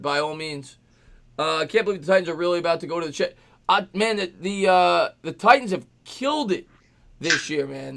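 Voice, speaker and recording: A man with a notably high voice hosts a live sports reaction stream. He calls each play with rising excitement and shouts at the big moments. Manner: excitable, shouts at big plays, reads donations aloud. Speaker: host of a sports reaction livestream.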